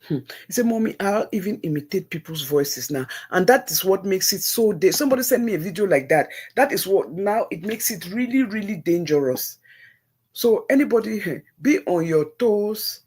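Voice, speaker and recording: Her medium-pitched voice is expressive, slightly mellow and breathy, at a normal speed. This middle-aged Nigerian-accented woman is hosting a livestream, casually offering live viewers earnest, religious, preachy advice and repeating points to drive them home.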